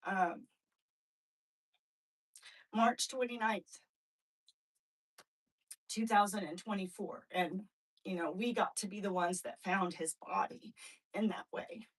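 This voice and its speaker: A woman's voice: mid-range voice, takes it slowly, pauses often, recorded from a distance, low-quality recording. A middle-aged woman telling a personal spiritual story on a livestream, rambling and earnest, often addressing viewers directly. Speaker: livestream host. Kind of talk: emotional personal testimony.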